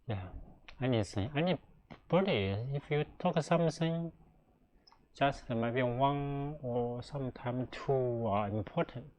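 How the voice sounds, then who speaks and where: A middle-aged native Chinese speaker with a Chinese accent gives a casual language lesson in halting English, full of fillers and restarts. His voice is medium-pitched and a little mellow.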